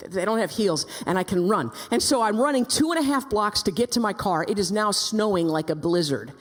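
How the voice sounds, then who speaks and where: A woman giving a storytelling speech at a rally, animated, acting out quotes and repeating herself. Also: mid-range voice. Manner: animated, acts out quotes, many repeated ands. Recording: long reverb in a large hall.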